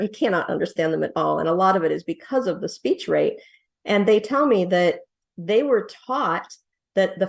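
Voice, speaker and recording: A woman, a coach giving a casual lesson, explaining step by step with rhetorical questions and fillers. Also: mid-range voice. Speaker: accent coach teaching presenters.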